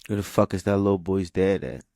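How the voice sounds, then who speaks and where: A man's voice: low-pitched, fairly quick, darkish tone, dry recording, studio quality. A man co-hosting a podcast in casual debate, blunt and profane, often stammering as he restarts. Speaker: podcast co-host.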